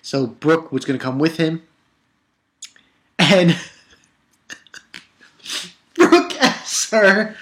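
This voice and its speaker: A man's voice: fairly high pitch, animated, very slow, long pauses, fairly bright tone. A young man casually recapping a cartoon episode, rambling and swearing, with lots of fillers and restarts. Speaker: anime episode reviewer.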